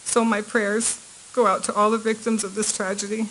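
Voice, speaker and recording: A woman's voice: medium pitch, flat delivery, noisy background. Earnest middle-aged woman reading a court statement. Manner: earnest, measured, grief held back. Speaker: victim's aunt giving a statement.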